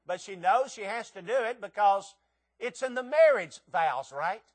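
A preacher delivers his sermon in a high, light voice. He reads scripture, then slips into a folksy, joking story and acts out the voices of the people in it. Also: lively intonation, measured pace.

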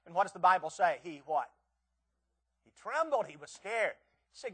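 A man's voice: high voice, animated, a little fast, creaky, breathy edge. A man preaching a revival sermon, telling stories and acting out quoted voices with emphatic rises and drops. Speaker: visiting preacher.

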